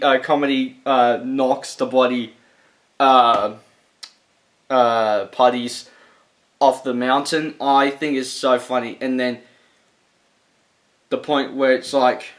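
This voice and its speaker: A man's voice: mid-range voice, a bit bright. A man casually ranking movie final battles, rambling enthusiastically with lots of fillers and restarts. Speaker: movie reviewer.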